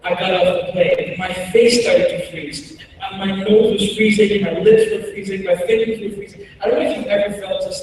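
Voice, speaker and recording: A young man from Congo, whose first language is Kiswahili, tells animated, humorous stories as a keynote speaker. His voice sits high for a man. It comes from far away in a big hall with a long echo. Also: background noise. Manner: animated and humorous, with frequent laughs. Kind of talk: storytelling keynote talk. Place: large hall. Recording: echoey hall, far from the mic.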